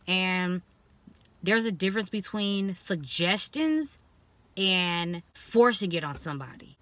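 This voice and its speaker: Frank, bright-voiced young woman vlogging. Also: lowish voice, slow, dry recording. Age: young adult. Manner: animated, expressive, quoting others in mocking voices; frank and blunt. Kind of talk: casual talking-to-camera vlog.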